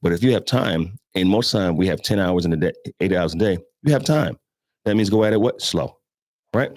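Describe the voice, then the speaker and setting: A man's voice: sits low, a little mellow, no room sound, studio quality. A man hosting a show, giving blunt, casual instruction on animal handling and firing off rhetorical questions.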